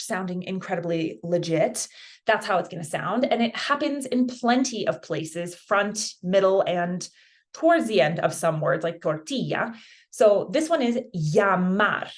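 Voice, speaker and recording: Woman, Spanish teacher, relaxed and encouraging, slows down to model each word. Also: mid-range voice. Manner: casual and encouraging, models words slowly. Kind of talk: friendly pronunciation lesson.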